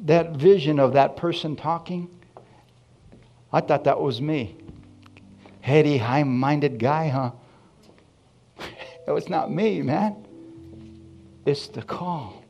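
Animated male preacher. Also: on the high side, vocal fry, lo-fi sound. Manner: animated storytelling, acting out dialogue. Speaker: pastor. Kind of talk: sermon.

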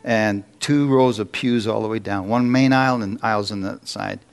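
A man's voice: lowish voice, moderate pace. A man preaching in church, telling a story with acted-out quotes and little jokes. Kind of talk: sermon testimony.

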